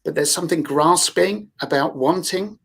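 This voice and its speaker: A man's voice: a little high, normal speed, creaky, a bit bright, husky. A man with a London accent, a therapist talking through ideas in a casual group discussion, rambling and emphatic. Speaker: guest therapist.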